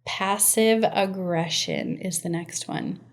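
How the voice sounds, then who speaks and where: A woman's voice: mid-range voice, big pitch swings, slow pace, vocal fry. Emphatic woman podcast host. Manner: emphatic, conversational, addresses listeners directly. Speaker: podcast host and inner-healing practitioner. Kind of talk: teaching podcast monologue.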